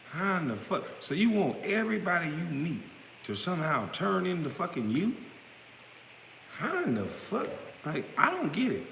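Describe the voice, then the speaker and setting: A medium-pitched man, a vlogger answering his critics, rants bluntly and profanely straight to camera while smoking hookah. He's confrontational and occasionally erupts into loud outbursts. The room echoes with long reverb over faint background noise.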